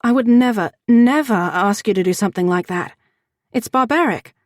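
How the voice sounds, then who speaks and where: A woman's voice: medium pitch, normal speed, no echo, clean studio sound, natural voice. A woman voicing a young, anxious and loving royal woman, speaking in a heartfelt, pleading way. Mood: distressed.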